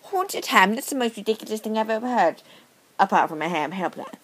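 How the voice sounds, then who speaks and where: A woman's voice: mid-range voice, sing-song, fairly quick, breathy edge, poor audio. Woman doing a stuffy fake-british guy, really australian, plummy and fussy, comedy sketch. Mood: indignant. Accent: Australian putting on a bad British accent. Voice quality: put-on plummy, fussy diction. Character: pompous male caller faking posh British.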